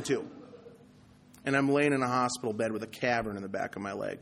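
A man giving a personal testimony talk at a recovery meeting, talking passionately and swinging from loud, heated outbursts to low, quiet confession. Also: fairly quick, gravelly, long pauses. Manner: conversational, repeats "you know".

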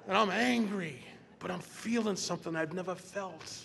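Animated older man sharing in a hall. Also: sits high, moderate pace, gravelly, a little hiss or hum. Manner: animated storyteller acting out his own quotes, repeats phrases. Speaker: recovery meeting speaker. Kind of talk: personal testimony at a meeting. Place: meeting hall. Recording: roomy hall reverb, faint background ambience.

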